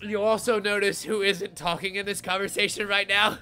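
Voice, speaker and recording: A young man commentating a live game stream, swearing freely and cracking up at what he sees. His voice is high for a man and bright, with a sharp edge. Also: steady tone, moderate pace, smooth, faint music behind. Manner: profane, laughing, giddy.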